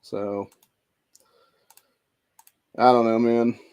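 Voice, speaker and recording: A man's voice: mid-range voice, flat delivery, drawn-out words, darkish tone, smooth. A man in his forties venting in a rambling, profane monologue, emotional and stressed out. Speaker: vlogger.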